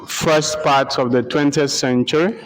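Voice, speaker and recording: A man giving a lecture, slowly repeating names and spelling them out letter by letter for note-taking. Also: medium pitch, fairly even intonation, poor audio. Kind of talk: slow dictation-style lecture.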